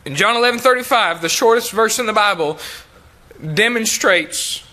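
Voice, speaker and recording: A man preaching a sermon, reading King James scripture aloud and repeating key phrases for emphasis, sometimes dropping to a soft, low voice. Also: animated, moderate pace. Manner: reads King James verses then comments with emphatic repetition; drops to soft, low tones in tender appeals.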